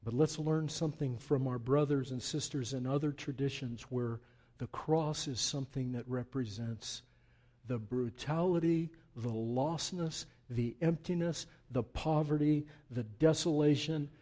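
A male pastor delivering an impassioned sermon, swinging from hushed reflection to loud, pleading emphasis with repeated words. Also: medium pitch, measured pace.

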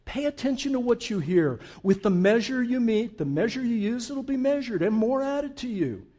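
A man preaching a sermon with emphasis, who asks the congregation questions and moves between loud and hushed passages. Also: very high-pitched, lively intonation, normal speed. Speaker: pastor.

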